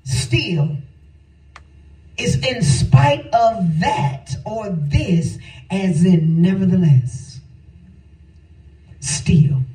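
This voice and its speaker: An older woman preaching a sermon, swinging between shouted phrases and a sing-song cadence. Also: mid-range voice, animated, extremely slow. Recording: echoey hall, voice from a distance, faint music.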